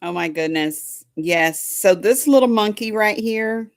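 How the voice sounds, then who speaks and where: A woman's voice: mid-range voice, a little slow, no echo, clean studio sound. A woman chatting casually to a live audience at home, folksy and doting, drifting into baby talk with her dog. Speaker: livestream host chatting with viewers.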